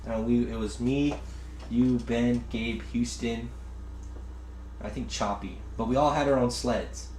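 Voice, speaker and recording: A man's voice: mid-range voice, fairly even intonation, unhurried. Young male podcast host, rambling profane storyteller, roomy echo, faint hiss. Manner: rambling, profane, acts out quotes loudly. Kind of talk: casual storytelling chat. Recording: echoey room with faint noise.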